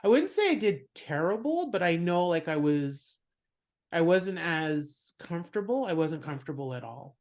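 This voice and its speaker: A woman's voice: lowish voice, normal speed. A woman comedian, a guest on a podcast, telling stories in casual chat and laughing often. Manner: animated storyteller, laughs often.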